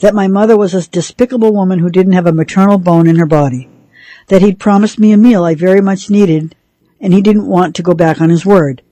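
A woman reading a novel aloud for a radio reading service, in a measured storytelling manner. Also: fairly low pitch, dark tone, dry recording, rough recording. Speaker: radio reader.

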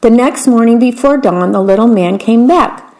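A woman reading a children's story aloud, gentle and unhurried, adding her own asides. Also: on the high side, low-quality recording.

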